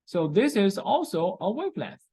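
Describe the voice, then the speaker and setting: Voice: medium pitch, sing-song, moderate pace, warm tone, breathy edge, poor audio. A chemistry lecturer in a recorded class, repeating key terms, checking in often with "okay?", and speaking with non-native grammar.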